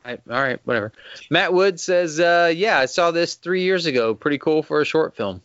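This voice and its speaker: A man's voice: fairly high pitch, animated, moderate pace, a bit bright, clean tone, dry recording. A man with a Texas accent hosting a podcast, chatting casually, laughing often and swearing freely. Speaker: podcast host. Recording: dull lo-fi sound.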